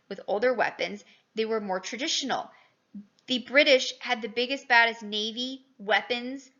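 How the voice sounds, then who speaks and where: Animated woman teaching history, lo-fi. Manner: animated, rhetorical questions, dramatic pitch jumps. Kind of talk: recorded lecture.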